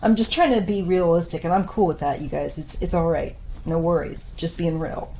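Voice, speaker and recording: Fifty-something lady doing a tarot reading, low mellow voice, slow and pausing, faint hum behind. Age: 50s. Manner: unhurried, thoughtful, with frequent pauses and fillers. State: losing her voice. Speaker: tarot reader. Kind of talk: casual tarot reading monologue.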